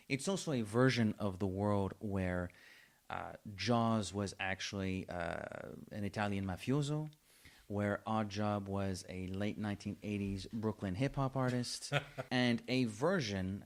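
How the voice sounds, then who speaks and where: A man co-hosting a podcast, chatting casually with wry jokes. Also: lowish voice. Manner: wry, joking. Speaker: podcast co-host. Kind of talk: casual chat.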